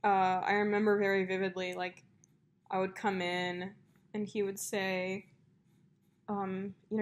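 A woman's voice: mid-range voice, flat delivery, unhurried, long pauses, slight background noise. Chatty young woman telling stories. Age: young adult. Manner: chatty storyteller, many fillers and likes. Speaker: podcast co-host. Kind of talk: casual chat.

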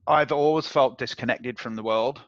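A man being interviewed, telling a personal story in a casual, animated way and acting out the voices of others. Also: mid-range voice, moderate pace, no room sound. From England. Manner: animated, acts out quoted voices, swears and laughs. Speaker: interview guest. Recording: dull, dry audio.

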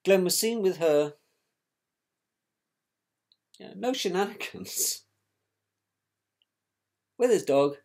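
Animated man telling a story. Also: high-pitched, slow, vocal fry, long pauses. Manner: animated, scornful, colloquial. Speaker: victim's brother recounting events. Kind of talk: personal storytelling.

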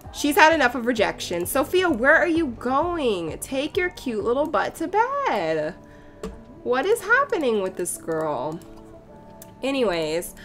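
A young woman chatting and giggling through casual game commentary, reacting loudly to what happens on screen. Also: medium pitch. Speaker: let's play gamer.

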